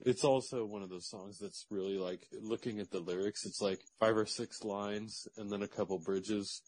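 Man, very low voice, casual podcast chat, swears constantly, laughs a lot. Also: fairly even intonation, moderate pace, few pauses, darkish tone, no echo, rough recording. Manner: profane, rambling, laughs often. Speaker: podcast co-host.

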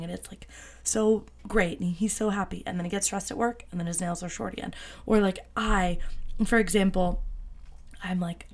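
Bubbly chatty young woman host. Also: mid-range voice. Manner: bubbly, chatty, many fillers, quoting herself in excited voices. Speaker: podcast host. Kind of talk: casual solo podcast chat.

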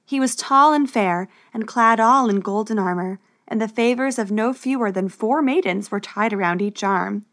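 A woman narrating a storybook adventure in a steady, expressive way. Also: mid-range voice, normal speed, few pauses.

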